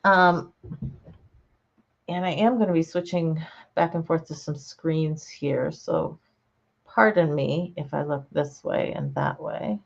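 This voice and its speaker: A woman hosting her channel, chatting casually with her viewers and reading their comments, relaxed and quick to laugh. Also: low-pitched, gravelly. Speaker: channel host. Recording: slightly dull lo-fi sound.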